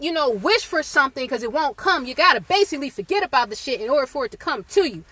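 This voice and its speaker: A woman's voice: high-pitched, dry recording. A middle-aged woman hosting a podcast, venting in an exasperated, profane solo rant from her parked car, recorded without a proper microphone. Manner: exasperated, swears constantly, animated rants. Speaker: podcast host. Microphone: phone or built-in mic, no proper microphone.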